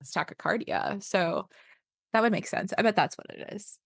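A woman co-hosts a casual podcast from a video call and chats loosely, full of fillers and quick laughs. The sound is dry and close, with no room echo. Her pitch sits in a middle range for a woman. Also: huge pitch swings, vocal fry, a bit bright, slightly rough. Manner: chatty, many fillers and laughs. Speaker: podcast co-host. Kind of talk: casual chat. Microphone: remote video call.

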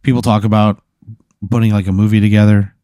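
A man's voice: lowish voice, level tone, quick pace, mellow, dry recording, studio quality. A man casually improvising a story as game master, talking in a rambling way full of fillers. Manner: rambling, filler-heavy narration.

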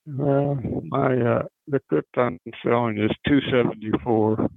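A laid-back man with a heavily gravelly voice who laughs easily and keeps saying man. He comes through a thin, tinny phone line. The recording is dry. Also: mid-range voice, fairly even intonation, measured pace, no echo. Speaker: prank call target. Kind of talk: phone call.

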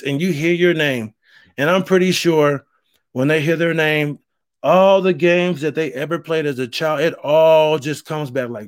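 A man's voice: on the high side, unhurried, no echo, studio quality. A man hosting a solo podcast, talking in a rambling, earnest and heartfelt way. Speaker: podcast host. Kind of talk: casual solo podcast monologue.

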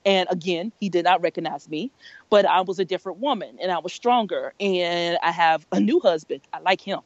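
A woman in her forties telling her life story as a guest, laughing often and quoting people in lively voices. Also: on the low side, fairly quick, no echo, muffled recording. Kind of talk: candid personal storytelling.

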